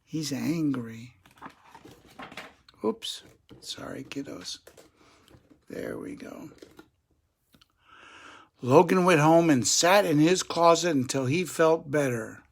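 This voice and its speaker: An older man, a grandfather, gently and chattily reading a children's picture book aloud to kids. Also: fairly high pitch, slow pace, creaky, husky. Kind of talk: children's story read-aloud.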